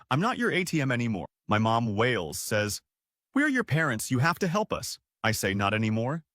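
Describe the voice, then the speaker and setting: A man reading a first-person story aloud in a plain, steady storytelling tone. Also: mid-range voice, dry recording, clean studio sound. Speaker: narrator.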